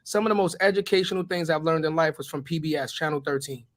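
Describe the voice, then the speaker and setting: A man with a raspy voice co-hosting a podcast, speaking earnestly in casual chat, driving his points home. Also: on the high side, fast. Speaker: podcast co-host.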